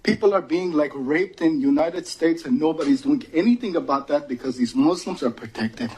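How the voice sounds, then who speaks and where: Husky, urgent man testifying from Iran. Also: on the high side, normal speed, darkish tone, low-quality recording. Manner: urgent, emphatic, pleading. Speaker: public commenter. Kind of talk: impassioned public testimony.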